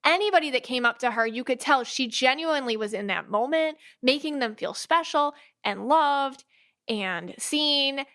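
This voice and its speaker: A woman hosts a podcast in casual, chatty conversation. Her voice is bright and sits a little high. She talks animatedly and slips into quick impressions of what others say. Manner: chatty and animated, with many restarts and quoted asides. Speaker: podcast host. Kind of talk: casual chat.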